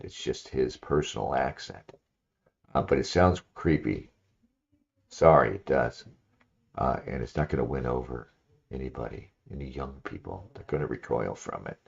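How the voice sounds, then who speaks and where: A man's voice: rumbling low, vocal fry, darkish tone. A man hosting a solo livestream, talking in a rambling, opinionated way with lots of "you know" fillers. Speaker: livestream host. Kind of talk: casual solo livestream monologue, reading aloud at times. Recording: slightly dull lo-fi stream audio.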